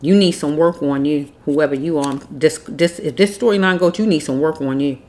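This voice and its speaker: A woman's voice: sits low, moderate pace, a little mellow, slight background noise. A woman giving a casual tarot reading, blunt and preachy, repeating herself as she scolds. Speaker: tarot reader.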